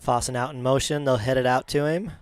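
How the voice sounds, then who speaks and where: A man giving color commentary on a high school football game in a relaxed, analytical way. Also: fast talker, clean tone, no echo.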